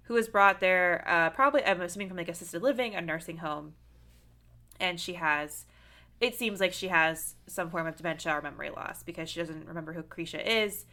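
Lively laughing woman, bright voice. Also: lowish voice, fairly quick. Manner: animated, laughs loudly, many fillers. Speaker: podcast co-host. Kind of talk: casual film discussion.

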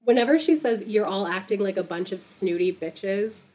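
A woman's voice: medium pitch, animated, moderate pace, a little mellow. A woman, a podcast guest, chatting about a film with a sarcastic humor and frequent laughter. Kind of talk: casual film discussion.

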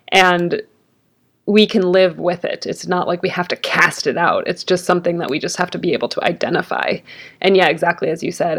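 A woman with a low, gravelly voice talks earnestly and reflectively. She speaks as an interview guest, pausing often with fillers as she thinks aloud. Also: a bit bright. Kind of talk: conversational interview.

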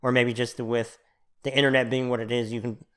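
A man hosting a podcast in casual chat, talking in a relaxed, conversational way and chuckling along with his guest. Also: mid-range voice, a little fast, smooth. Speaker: podcast host.

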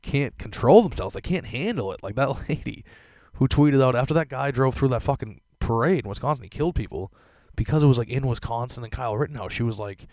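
Brisk and animated, this young man hosts a podcast in a mid-range, slightly mellow voice, going off on a profane, filler-heavy rant. The recording has no echo.

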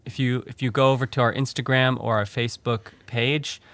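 A man's voice: mid-range voice, level tone, a little fast, fairly bright tone, a little hiss or hum. A man co-hosting a podcast in casual chat, rambling with many restarts. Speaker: podcast co-host.

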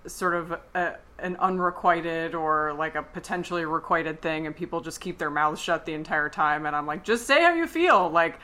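Young woman co-host, slightly low but bright voice, dry teasing humor. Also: little pitch movement, moderate pace, hardly any pauses. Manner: dry teasing remarks, laughs easily. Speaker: podcast co-host. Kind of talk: casual chat.

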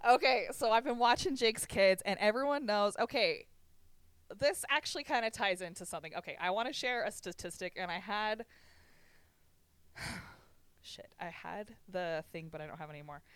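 A woman's voice: medium pitch, moderate pace, a bit bright, smooth, dry recording. A young woman co-hosting a podcast, telling stories in casual chat, swearing often and laughing a lot. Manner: profane, laughing storyteller. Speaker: podcast co-host.

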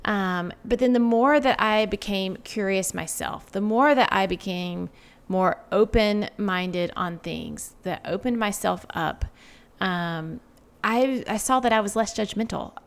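A woman's voice: medium pitch, a little slow, gravelly, clean tone. Reflective woman in her forties. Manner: reflective, frequent "like" fillers. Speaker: guest author. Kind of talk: casual interview conversation.

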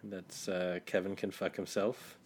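A man with a fairly low voice, easing through casual podcast chat with plenty of ums and uhs. He sounds unhurried, often trailing off before picking the thread back up. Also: flat delivery, darkish tone, breathy edge. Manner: hesitant, many fillers, laid-back. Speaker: podcast co-host.

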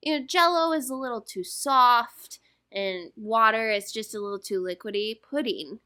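A woman co-hosting a movie podcast, earnest and quick to exclaim. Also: on the high side, pushed and bright, dry recording, clean studio sound. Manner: earnest, exclaiming, laughs easily. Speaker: podcast co-host. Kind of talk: casual podcast chat.

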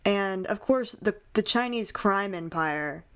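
A young woman co-hosting a casual podcast, chatting about a movie in an animated, incredulous way with lots of fillers. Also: mid-range voice, slow pace, smooth. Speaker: podcast co-host. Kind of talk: casual chat reviewing a movie.

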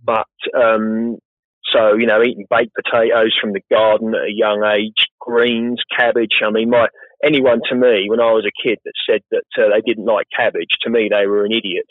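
A man's voice: fairly low pitch, flat delivery, moderate pace, no echo. A man, a professional gardener, chatting casually and rambling a little as an interview guest. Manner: chatty, rambling, self-deprecating. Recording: tinny phone-like line, dry.

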